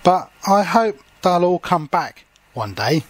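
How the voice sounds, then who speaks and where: A man's voice: high voice, big pitch swings, slow pace, dry recording, full character voice. A man voicing a young girl in a storybook he reads aloud, speaking wistfully.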